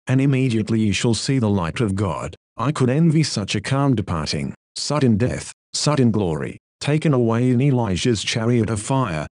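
Male reader, solemn sermon delivery, mid pitch, dry close sound. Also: darkish tone, dry recording. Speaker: preacher. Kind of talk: read-aloud sermon.

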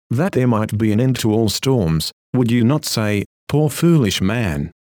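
A man's voice: mid-range voice, a little mellow, no echo, clean studio sound. A man reading an old-fashioned sermon aloud in a solemn, earnest, pleading manner. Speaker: preacher.

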